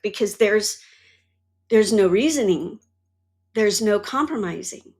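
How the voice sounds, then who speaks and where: A woman's voice: medium pitch, takes it slowly, pauses often, slightly rough. A middle-aged woman hosting her own show, talking candidly about her life and swearing freely. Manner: candid and animated, swears, acts out her own past reactions. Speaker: podcast host and mentor. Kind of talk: personal monologue.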